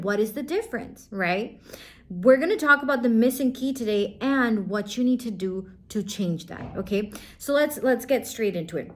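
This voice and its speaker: A woman's voice: a little high, expressive, normal speed. A young woman giving a casual motivational talk as a spiritual coach, chatty, full of "like" and "right?" and acted-out quotes.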